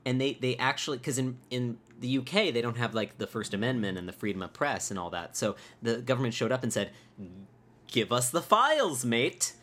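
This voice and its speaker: A woman co-hosting a casual chat show, joking with dry, quick comebacks. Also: a bass voice. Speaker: co-host.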